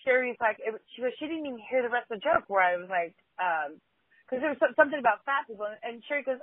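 A woman with a husky, breathy voice, talking bluntly and animatedly as a podcast co-host. Her voice comes through a dry, phone-like line with no room sound. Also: on the high side, expressive, quick pace, no room sound. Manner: blunt, storytelling, frequent restarts. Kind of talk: casual podcast chat.

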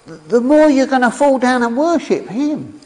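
Animated man preaching in a hall. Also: extremely high pitch. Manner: animated, enthusiastic, reads scripture aloud with pauses. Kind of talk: sermon.

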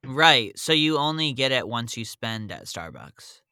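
A man hosting a casual podcast interview, asking relaxed questions. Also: medium pitch, measured pace, no echo, clean studio sound. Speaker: podcast host.

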